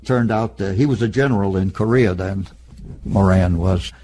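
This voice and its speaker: An elderly man in an oral history interview, recalling past events in a plain, matter-of-fact storytelling way with a husky voice. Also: sits low, normal speed, dark tone, a little hiss or hum. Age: older. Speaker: interviewee, veteran.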